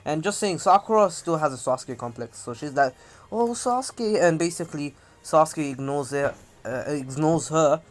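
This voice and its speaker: A young man casually telling a fan-fiction story, rambling with frequent self-corrections and throat clearing. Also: fairly high pitch, moderate pace.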